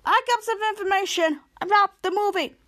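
A woman voicing a loud male costumed spoiler who shouts announcements at a crowd. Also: extremely high pitch, brisk, pitched above the performer's own voice. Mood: excited announcing.

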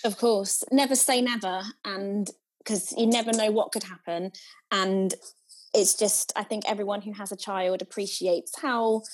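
A woman co-host chatting casually, warm in tone, laughing often and stretching out her phrases. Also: mid-range voice, steady tone, a little slow, slightly rough. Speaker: podcast co-host. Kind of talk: casual chat.

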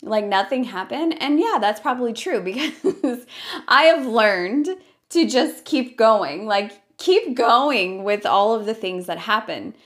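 A woman's voice: fairly high pitch, animated, takes it slowly, fairly bright tone. A woman in her thirties hosting her own podcast, talking earnestly and thinking aloud with lots of fillers. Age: 30s. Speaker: podcast host. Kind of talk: reflective solo podcast talk.

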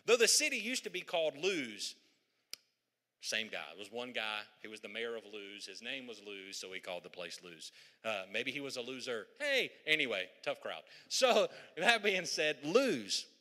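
A male pastor preaching to his congregation, chatty and joking as he retells old stories. His voice is bright and forceful, and it carries through a large reverberant church hall. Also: medium pitch, sing-song, moderate pace. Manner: humorous, conversational, storytelling. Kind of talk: sermon. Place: church sanctuary.

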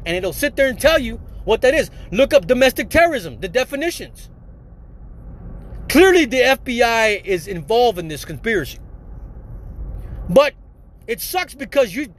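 A man hosting a solo podcast, ranting angrily with heavy swearing and repeatedly addressing his listeners as folks. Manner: angry, profane, ranting; repeats "folks", drops low on it. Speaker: podcast host.

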